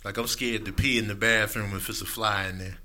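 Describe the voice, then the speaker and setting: A man's voice: on the low side, steady tone, fairly quick, very noisy. A man in his thirties doing a stand-up comedy set, acting out characters in raised voices.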